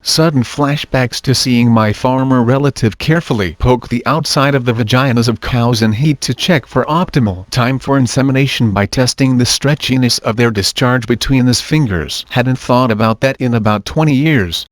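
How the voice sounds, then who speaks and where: Guy reading out forum posts, steady even voice, medium pitch. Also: normal speed, hardly any pauses, dry recording. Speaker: narrator reading online posts.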